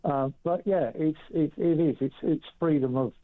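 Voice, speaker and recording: A man calling in to a radio show, speaking in a hesitant, halting way and often restarting his words. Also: a little high. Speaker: caller. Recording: tinny phone line.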